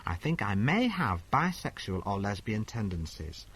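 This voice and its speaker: A man's voice: lowish voice, big pitch swings, unhurried, fairly bright tone, a little hiss or hum, heavily acted, poor audio. A man playing a crude, brassy woman agony aunt who reads out letters and answers them bluntly in a comedy sketch. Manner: blunt, bawdy, mock-sincere.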